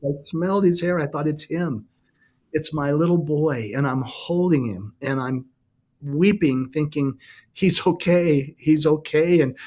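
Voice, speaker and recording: A middle-aged man recounting a deeply personal experience in an earnest, halting way, often restarting and slowing down. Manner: earnest, halting, with many restarts and slow pauses. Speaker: guest sharing a personal story. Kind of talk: emotional personal testimony.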